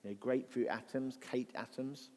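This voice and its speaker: A man of mid pitch gives an apologetics talk to a gathered audience, thinking aloud with rhetorical questions and the odd restart. His conversational voice carries the long reverb of a large church hall. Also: steady tone, normal speed, a little mellow. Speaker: guest speaker at a church event.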